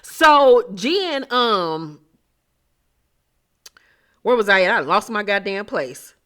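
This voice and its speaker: A woman's voice: mid-range voice, big pitch swings, slow pace, fairly bright tone, clear, resonant tone. A woman giving a brash, sarcastic, swear-filled recap of a reality show episode.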